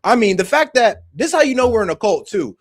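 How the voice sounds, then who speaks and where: A young man hosting a reaction stream, passionate and swearing, swinging between heated outbursts and calming down. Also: high-pitched, brisk, no echo, studio quality. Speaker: stream host reacting to videos. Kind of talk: heated casual commentary.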